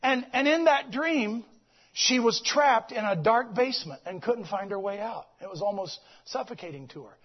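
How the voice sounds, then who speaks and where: A man delivers a sermon with a husky, breathy voice, swinging from shouted praise to quiet, intimate storytelling. He repeats phrases for emphasis. The recording sounds dull and lo-fi. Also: very high-pitched, animated, normal speed. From United States. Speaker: visiting preacher.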